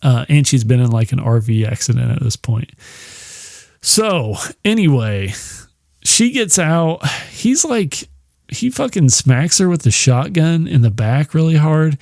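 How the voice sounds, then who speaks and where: A man's voice: on the high side, animated, a little slow, gravelly, darkish tone, no room sound, clean studio sound. A man hosting a podcast, retelling a novel's plot in a casual, rambling way, swearing freely and laughing now and then. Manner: rambling, profane, laughs often. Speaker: podcast host.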